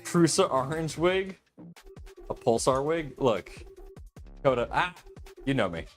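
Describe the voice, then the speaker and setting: A man's voice: mid-range voice, lively intonation, slow pace, faint music behind. A man hosting a livestream, chatting casually and rambling, joking about himself and answering viewers. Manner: rambling, self-deprecating, answers chat. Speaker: livestream host.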